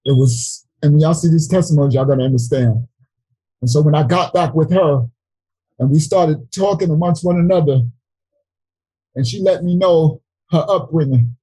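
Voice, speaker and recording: A man's voice: fairly high pitch, warm tone, breathy edge, no echo, rough recording. Emotional middle-aged man giving testimony. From New York City. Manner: earnest, halting, with frequent restarts. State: emotional, near tears. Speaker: Bible study teacher. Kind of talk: emotional personal testimony in a Bible study.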